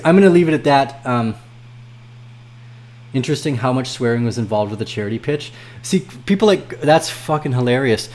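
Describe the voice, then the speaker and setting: A man hosting a crypto trading livestream, chatting casually with viewers, swearing freely and swinging from low mumbles to loud rants.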